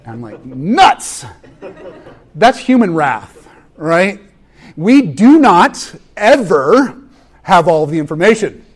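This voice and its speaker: A man in his thirties preaching a sermon, animated and storytelling, acting out scenes from home. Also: high voice, takes it slowly. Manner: animated, acts out family scenes with voices. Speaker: pastor.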